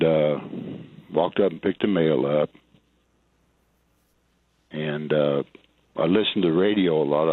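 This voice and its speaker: A man's voice: low voice, no room sound. An older retired man calling in to a radio show, speaking tersely and hesitantly. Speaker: caller. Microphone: telephone. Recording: tinny phone line.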